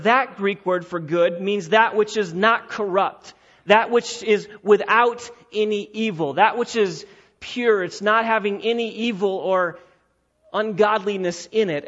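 High-voiced emphatic preacher man. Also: unhurried, fairly bright tone. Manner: emphatic, building to raised pitch and volume on key words. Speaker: pastor. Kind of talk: expository sermon. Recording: dull lo-fi recording.

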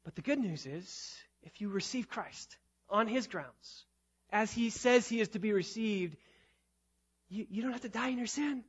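A high-pitched man preaching with rising force, driving phrases home through repetition and swelling to loud peaks. The recording sounds dull and lo-fi. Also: normal speed, breathy edge. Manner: emphatic preaching, repeats phrases, rises to loud climaxes. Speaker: pastor. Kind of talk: sermon.

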